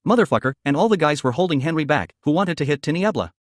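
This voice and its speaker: Animated man telling a story. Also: a little high, fast talker, dry recording, clean studio sound. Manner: conversational, peppered with "man" and swearing. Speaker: narrator. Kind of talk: casual first-person storytelling.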